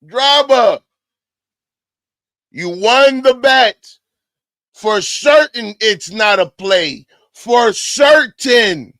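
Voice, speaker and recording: A man hosting a livestream, loud and excitable, often shouting as he talks to his chat. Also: high-pitched, drawn-out words, pauses often, dry recording. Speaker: livestream host. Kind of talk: reacting to a clip for chat.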